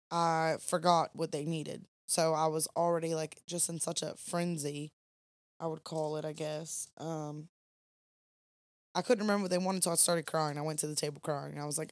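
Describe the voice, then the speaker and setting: Late at night, a young woman co-hosting a podcast tells a long, rambling story in casual chat. Her voice sits low in a dry recording, and she's chatty, using Southern "y'all" phrasing.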